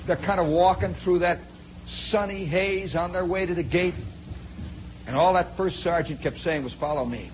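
Animated high-voiced male storyteller. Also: slight background noise, poor audio. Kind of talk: spoken storytelling monologue.

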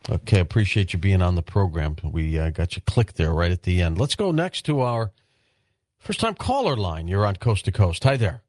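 A man's voice: low voice, sing-song, moderate pace, darkish tone. A man hosting a late-night call-in radio show, easygoing and curious, weighing his answers thoughtfully at a studio microphone. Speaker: radio talk show host.

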